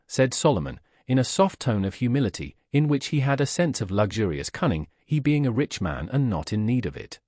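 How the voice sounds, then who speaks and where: A man reading a classic novel aloud as an audiobook narrator, in a measured, expressive way. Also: mid-range voice, slightly rough, no room sound, clean studio sound. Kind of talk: scripted narration.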